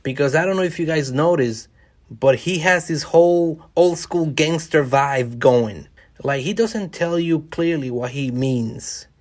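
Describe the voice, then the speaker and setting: A man's voice: fairly high pitch, a little slow. A man hosting a solo podcast, talking casually and wryly to his listeners in a conversational monologue. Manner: conversational, wry, addresses listeners directly. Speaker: podcast host.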